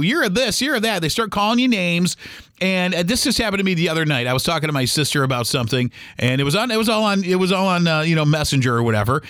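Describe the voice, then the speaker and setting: A man's voice: on the high side, fairly bright tone, dry recording, clean studio sound. A middle-aged man hosting a solo podcast, talking in a rambling, heated way with many restarts and acted-out quotes. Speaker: podcast host.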